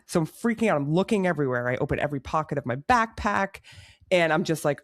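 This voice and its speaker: A woman podcast co-host tells a story in a lively, self-mocking way and laughs in the middle of her sentences. Her voice sounds close and dry, with no room echo. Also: sits low, fairly quick. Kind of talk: casual chat, storytelling.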